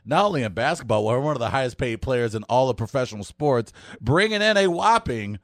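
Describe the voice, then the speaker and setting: A man's voice: mid-range voice, moderate pace, no echo, clean studio sound. A man hosting a casual sports talk show, laughing often as he retells things. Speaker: radio host.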